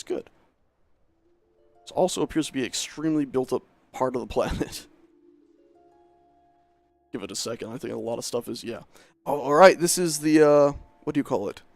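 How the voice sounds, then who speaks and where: With no room sound at all, a man's creaky, medium-pitched voice comes through as he streams a building game. His talk is casual and chatty, full of self-mockery and remarks to himself while he plays.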